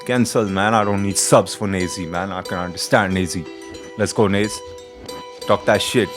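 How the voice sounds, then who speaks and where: Excitable Indian-accented man reacting. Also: lowish voice, moderate pace, over music. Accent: Indian English. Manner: excitable, swears freely, laughs often. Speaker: reaction video host. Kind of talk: casual music reaction commentary.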